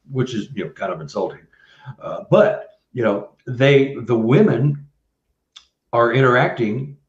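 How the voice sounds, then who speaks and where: A man's voice: lowish voice, a little mellow. A man from Missouri, a guest on a video call, talking casually and rambling with many fillers. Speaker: guest researcher. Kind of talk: casual interview talk. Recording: roomy, dull video-call audio.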